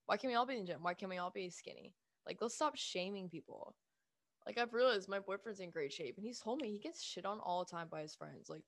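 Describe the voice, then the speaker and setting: A woman's voice: medium pitch, big pitch swings, quick pace, no room sound, studio quality. A young adult woman ranting casually to her viewers, blunt and emphatic, swearing freely and filling her speech with "like". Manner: speaks with lots of "like" fillers. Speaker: vlogger. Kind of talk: casual rant to camera.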